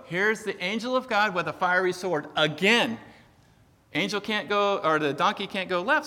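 A man delivers a sermon in a chatty, storytelling manner and jokes at his own expense. His voice sits high and bright. It rings out with a long reverb in a church sanctuary. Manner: conversational, storytelling, self-deprecating humor. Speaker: preacher.

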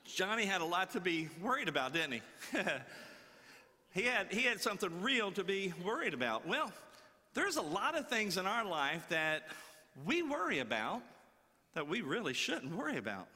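Bright-voiced folksy preacher in a ringing hall. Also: male voice, high-pitched, normal speed. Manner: folksy, animated, repeats words for effect. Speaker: guest preacher. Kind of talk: sermon with storytelling. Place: church before a congregation.

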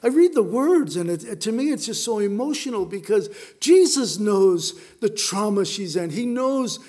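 A man preaching to a congregation. His voice sits high for a man, and his delivery is animated and conversational, full of playful asides. He sounds middle-aged. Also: normal speed. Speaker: pastor. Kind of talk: sermon.

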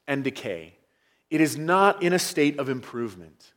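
A middle-aged man preaching a sermon as pastor, earnest, rising on emphatic points and dropping low at the ends of phrases. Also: sing-song, normal speed. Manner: earnest preaching with emphatic rises and hushed endings.

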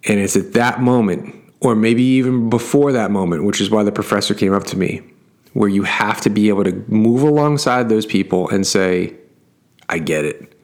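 Lower-pitched man telling a story emphatically. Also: normal speed. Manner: emphatic, repeats words for effect. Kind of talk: casual storytelling monologue.

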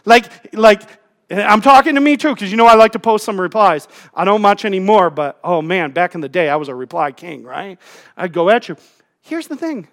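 A pastor delivering a laid-back, funny sermon from the church stage, his voice sitting high for a man. He is middle-aged, talks into a stage mic, and keeps breaking into self-mocking asides. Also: brisk. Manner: humorous, self-deprecating, animated asides. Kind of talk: conversational sermon. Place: church sanctuary.

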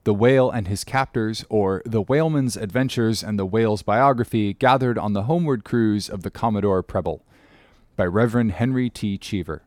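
A man narrating an audiobook in a measured, formal reading manner. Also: on the low side, a little mellow, no room sound.

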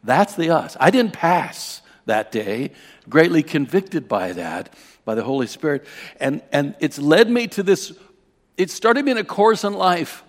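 Gravelly preacher in a reverberant church. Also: male voice, fairly high pitch, expressive, normal speed. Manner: emotional storytelling, swinging from hushed to loud. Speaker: pastor. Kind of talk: sermon.

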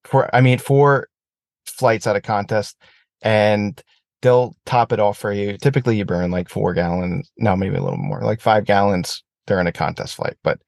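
A man's voice: fairly low pitch, normal speed, gravelly, dry recording. A man talking casually about aerobatic flying, swearing freely and ranting when heated. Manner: profane, animated rants. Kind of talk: casual chat.

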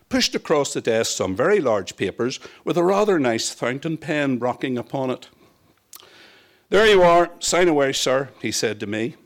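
A man from Northern Ireland reading his own memoir aloud in a wry, reflective storytelling manner. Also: medium pitch. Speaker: narrator. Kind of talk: first-person memoir reading.

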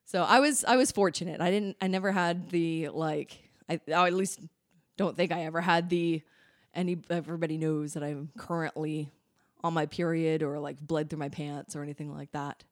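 A woman's voice: low voice, fairly even intonation, moderate pace, dry recording, studio quality. A young adult woman co-hosting a podcast, telling personal stories in a casual chat, with lots of "like" fillers and frequent laughs. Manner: chatty storytelling full of "like" fillers, laughs often. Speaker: podcast co-host.

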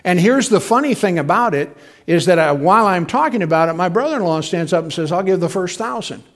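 Middle-aged male pastor, a touch high-pitched, casual down-home sermon delivery with asides to the congregation. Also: animated, fast talker. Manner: folksy, conversational preaching with asides to the congregation.

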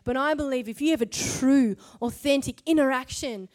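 Woman preacher with a high voice, emphatic and rhetorical delivery, church service sermon. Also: normal speed, a little mellow. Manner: emphatic, rhetorical, punctuates points with "okay?" and "right?".

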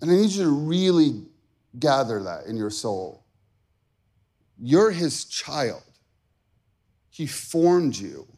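A man with a fairly high, bright speaking voice preaches to a congregation. He tells a personal story with strong emotion, dropping low and quiet, then climbing to loud, shouted peaks. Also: sing-song, takes it slowly, pauses often. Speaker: pastor.

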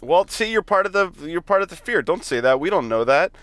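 A man's voice: high voice, animated, a little fast, a bit bright, no room sound. Chatty man co-hosting from a car. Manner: chatty, joking banter. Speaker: podcast co-host. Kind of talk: casual chat. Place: inside a car.

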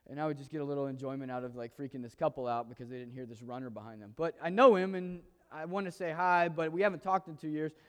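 A man telling a personal story to an audience in a conversational way, acting out the quoted dialogue with lively energy. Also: fairly high pitch, fast talker, hardly any pauses, clear, resonant tone. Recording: long hall reverb.

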